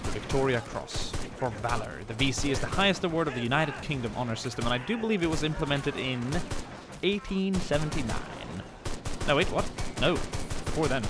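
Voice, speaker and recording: Animated and brisk, with a voice on the high side, a young man from Sweden cracks jokes and rambles over a war game. Gunfire and artillery from the game sound loudly in the background.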